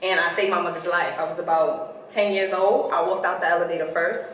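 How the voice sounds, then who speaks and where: Walking the streets of her Bronx neighborhood, a woman with a New York accent offers a casual tour full of relaxed slang and memories of her upbringing. She speaks a little fast, in a lowish voice with fairly even intonation. Loud street noise fills the distant, echoey outdoor recording.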